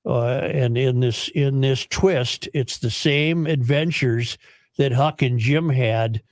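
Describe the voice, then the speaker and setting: A man's voice: medium pitch, slow pace, no echo. Dry-voiced man hosting talk radio. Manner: rambling, storytelling, chuckling often. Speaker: radio show host. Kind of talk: casual talk radio banter.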